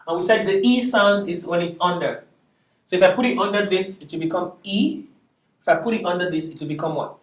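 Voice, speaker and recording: A male language teacher giving a patient classroom lecture, checking often that the students follow. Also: sits high. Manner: patient, often asks "is that okay?". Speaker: Arabic teacher. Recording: echoey classroom, voice from far off.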